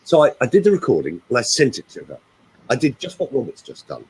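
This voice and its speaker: A man who works as a voice coach, telling stories and giving advice in a lively, expressive way. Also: mid-range voice, quick pace, husky, rough recording. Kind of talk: animated storytelling and coaching talk.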